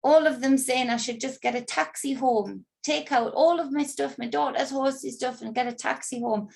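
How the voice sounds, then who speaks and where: Gravelly-voiced woman, agitated and indignant, swearing vlog monologue. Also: sits high, moderate pace, few pauses. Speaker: spiritual reader recounting an ordeal. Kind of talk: emotional personal monologue.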